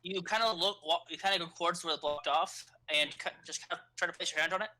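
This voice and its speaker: A woman's voice: lowish voice, quick pace, pushed and bright, slight background noise. A woman narrating as game master of a tabletop game, in loose, rambling talk with many restarts.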